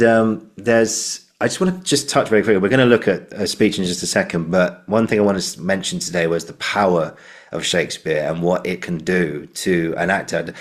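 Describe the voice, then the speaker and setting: Deep-voiced british guy hosting a podcast, chatty, rambles a lot. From Britain. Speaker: podcast host. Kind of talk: conversational interview.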